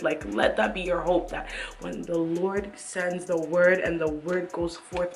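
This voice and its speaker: A woman's voice: on the low side, level tone, unhurried, vocal fry. A young woman talking to camera about faith, earnest and encouraging, filling her talk with "like" and "you know what I mean". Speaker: Christian vlogger. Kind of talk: casual devotional talk to camera.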